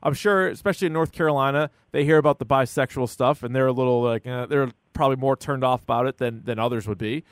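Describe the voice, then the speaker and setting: A man co-hosting a podcast in casual chat, animated and acting out quotes with a jumpy, high voice. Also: fast talker, hardly any pauses, clear, resonant tone, no echo, clean studio sound. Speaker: podcast co-host.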